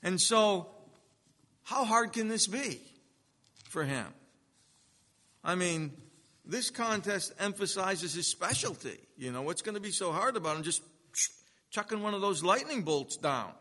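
Bright-voiced preacher in a reverberant hall. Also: male voice, high voice, animated, a little slow, pauses often. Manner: dramatic swings from loud to hushed. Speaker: pastor. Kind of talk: sermon.

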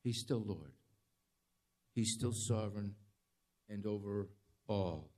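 Man preaching a lively sermon. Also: on the low side, takes it slowly. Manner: dramatic, conversational preaching with rising emphasis. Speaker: pastor.

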